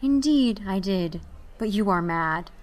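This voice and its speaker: Storybook raven voiced by a woman: cryptic, curt, dead-even delivery. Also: medium pitch, slow. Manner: flat, even, curt replies. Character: cryptic male talking raven, even-toned.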